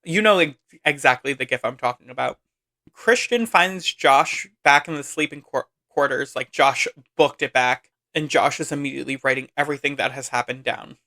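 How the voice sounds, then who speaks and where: A man's voice: medium pitch, moderate pace, pushed and bright. A man hosting a podcast, chattily recapping a film with lots of asides and "like.". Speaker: podcast host.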